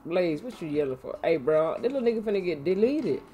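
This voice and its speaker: A woman streaming a shooter game, chatting loudly and profanely with a friend over a headset, her throat strained as if her voice is giving out. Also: fairly low pitch, sing-song, a little fast, lo-fi sound, soft background music. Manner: loud, profane, teasing banter. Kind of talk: casual gaming chat. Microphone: gaming headset.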